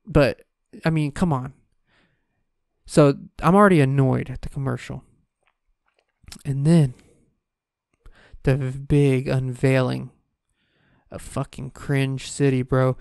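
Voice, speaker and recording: A man's voice: mid-range voice, steady tone, slow, vocal fry, pauses often, a little mellow, no echo, studio quality. A man delivering a profane, exasperated comedic rant, exaggerating wildly. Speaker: comedic ranter.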